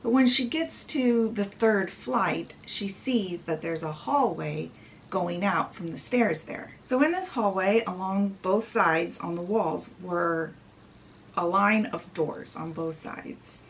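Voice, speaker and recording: A woman's voice: medium pitch, takes it slowly, slight background noise, rough recording. A woman book reviewer retelling a fairy tale in a chatty, casual way, adding asides. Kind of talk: casual storytelling summary.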